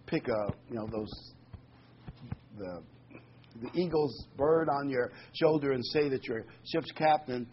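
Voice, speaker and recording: A man preaching a sermon, reading scripture with rising emphasis and adding folksy, conversational asides full of fillers. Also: medium pitch. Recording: slightly dull, faintly noisy recording.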